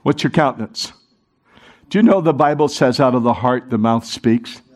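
A man preaching a sermon to a congregation, animated, talking with the room and acting out the quoted voices. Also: mid-range voice, normal speed. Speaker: pastor.

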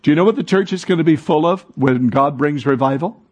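A man's voice: fairly high pitch, a little fast, a little mellow. A man preaching a sermon as pastor, calling on the congregation to answer and repeat after him. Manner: preaching, calls for congregation responses. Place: church sanctuary.

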